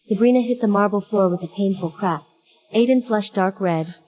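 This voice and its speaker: A woman narrating a first-person story in a steady, even manner. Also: medium pitch, moderate pace, soft background music, poor audio.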